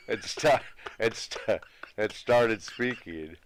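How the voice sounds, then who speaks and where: A man's voice: fairly low pitch, drawn-out words, slight background noise. A man in his sixties, a former pro wrestler as guest, telling long anecdotes in a casual, rambling way with restarts. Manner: rambling, self-repeating anecdotes. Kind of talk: casual storytelling interview.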